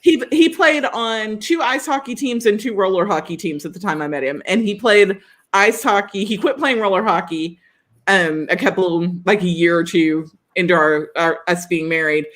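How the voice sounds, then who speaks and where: A podcast co-host with a mid-range voice talks at normal speed while recounting a story in casual banter. Animated and quick to laugh, she acts out the dialogue of everyone in the tale.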